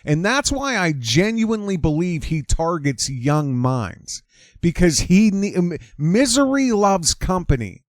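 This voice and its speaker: A man's voice: high voice, sing-song, measured pace, no room sound, clean studio sound. A man hosting an opinionated commentary monologue, emphatic and repeating his lines for effect. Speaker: commentary channel host.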